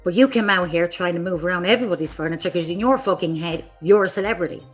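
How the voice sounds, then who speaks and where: A woman's voice: lowish voice, fast talker, soft background music. A woman hosting her own livestream, delivering an angry, profane, confrontational rant at other creators. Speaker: streamer host.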